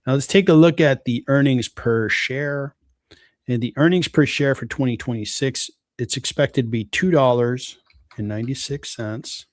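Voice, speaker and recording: A man's voice: mid-range voice, moderate pace, no echo, clean studio sound. A man hosting a live stream, walking casually through a company's stock valuation and thinking aloud as he goes. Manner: relaxed, thinking aloud with fillers. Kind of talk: casual stock analysis talk.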